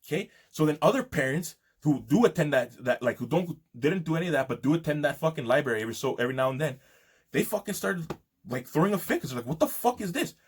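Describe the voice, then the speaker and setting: A man's voice: on the high side, animated, fast talker, husky. A man delivering an indignant, profane monologue to his audience. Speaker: video host. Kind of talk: angry monologue.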